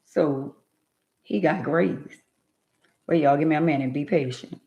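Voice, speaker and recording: Woman rambling through her story to viewers, slow and emphatic, echoey room. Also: sits low, gravelly, lo-fi sound. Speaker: vlogger telling her life story. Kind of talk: casual storytelling to live viewers.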